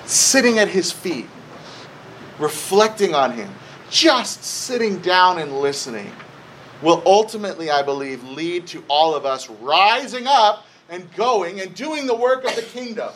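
A pastor, a man, preaching a sermon in a church in a conversational way, with lively retellings and frequent restarts. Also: high-pitched, a little slow, slight background noise, rough recording.

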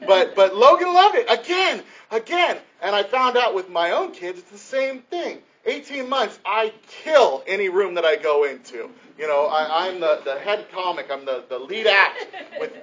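A man preaching a sermon, a pastor who tells family stories with lively emphasis, restarting his sentences and slowing down to stress his points. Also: sits high, muffled recording. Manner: animated storytelling, many restarts, slows for emphasis.

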